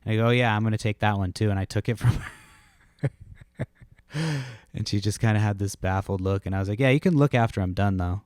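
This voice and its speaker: A man's voice: on the low side, brisk, pauses often, darkish tone, no room sound, studio quality. A man in his thirties hosting a casual solo podcast from home, rambling through laid-back, profane stories. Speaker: podcast host.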